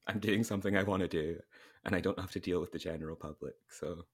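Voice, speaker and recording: Wry man with a deep voice. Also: fast talker, breathy edge. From Scotland. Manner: wry, deadpan jokes, trailing off. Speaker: podcast co-host. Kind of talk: casual chat.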